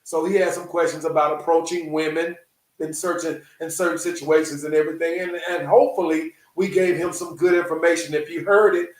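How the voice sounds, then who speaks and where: A man's voice: on the high side, far from the mic. A man hosting a casual talk show, signing off in a laid-back way, repeating phrases and using slang. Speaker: podcast host. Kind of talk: casual show sign-off chat. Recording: roomy, off-mic sound.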